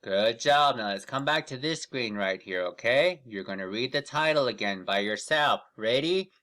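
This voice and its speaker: A man teaching an online reading lesson, giving patient, encouraging prompts and drawing out words slowly when reading aloud with students. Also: mid-range voice, expressive, sharp tone.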